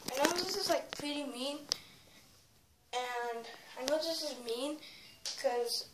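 A woman's voice: high-pitched, slow pace. A teenage girl vlogging a prank on a handheld device, rambling and restarting her sentences. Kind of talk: casual prank vlog. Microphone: phone or tablet held in hand. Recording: echoey room with background noise.

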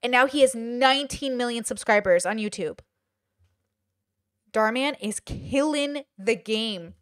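A woman talks slowly through a casual reaction session, reading figures aloud and exclaiming over them. Her voice sits a bit high, and her pace stays relaxed. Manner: chatty, reads stats aloud with exclamations. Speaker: host reacting to videos.

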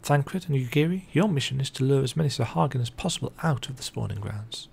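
A man's voice: medium pitch, lively intonation, quick pace, creaky, darkish tone, breathy edge, heavily acted. A man reading the formal lines of an earnest young scholar laying out a battle plan in a game. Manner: formal read-out game dialogue.

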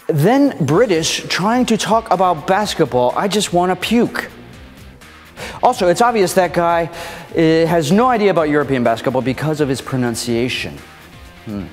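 A man hosts a scripted comedy show in a playful, theatrical way, acting wounded by criticism for laughs. His voice sits a little high for a man. The recording carries a long reverb tail, with music playing underneath. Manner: playful, mock-indignant, theatrical.

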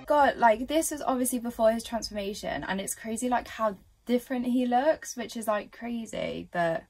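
A woman's voice: a little high, normal speed, darkish tone, faint music behind. A young woman giving casual, chatty reaction commentary at home, full of fillers and giggles. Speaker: reaction vlogger.

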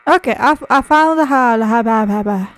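A woman's voice: fairly high pitch, a little fast, poor audio. A woman playing a horror game on video, jumpy and swearing constantly, shrieking at scares. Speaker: gaming video creator. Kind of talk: horror game playthrough commentary.

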